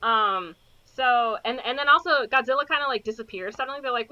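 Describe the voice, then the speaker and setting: Podcast co-host, woman, bright and a bit high, rambling plot recap on dull lo-fi audio. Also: fast talker, few pauses. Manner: rambling, full of fillers, acts out characters' lines. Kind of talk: casual chat recapping a movie.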